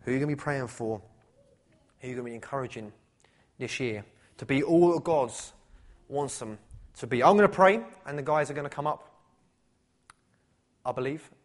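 A man's voice: mid-range voice, expressive, moderate pace, pauses often. A man preaching a sermon at a church service, talking conversationally and asking rhetorical questions. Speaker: pastor.

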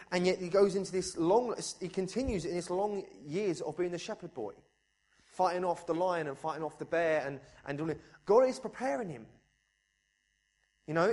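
A man delivers a sermon in a somewhat high voice. He is fervent and swings between hushed, low stretches and loud, raised ones. He often turns to the congregation with direct questions. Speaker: preacher.

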